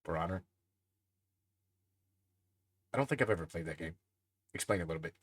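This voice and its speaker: A man co-hosting a podcast, chatting in a relaxed way, asking questions and swearing casually. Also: deep voice, very fast, breathy edge. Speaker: podcast co-host.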